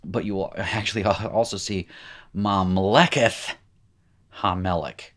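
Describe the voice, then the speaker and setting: A man's voice: low voice, fairly even intonation, unhurried, a bit bright. A man teaching a recorded language lesson in a chatty, informal way, with joking asides. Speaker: Hebrew teacher. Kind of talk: recorded lecture.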